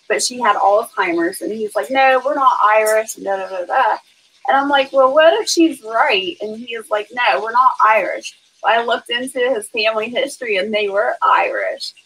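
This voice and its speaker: A woman's voice: medium pitch, bright, forceful tone, husky, rough recording. A woman hosting a casual live stream, chatting and reading out viewer comments. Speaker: homestead channel host.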